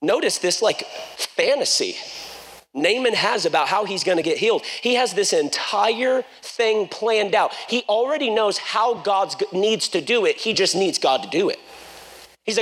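A man preaching a fervent sermon, building to near-shouts and then breaking into jokes. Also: high voice, expressive, moderate pace. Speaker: pastor.

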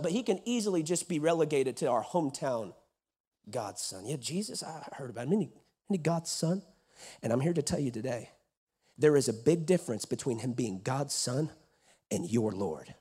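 A man preaching a sermon from West Texas, swinging from loud lines to hushed ones. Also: fairly high pitch, sing-song, moderate pace, slightly rough. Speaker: pastor. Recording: church.

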